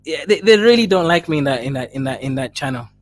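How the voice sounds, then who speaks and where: This East African-accented livestream host speaks quickly, his somewhat high voice full of lively intonation. Going through viewer messages in a casual chat, he laughs and teases, talking directly to the people in chat.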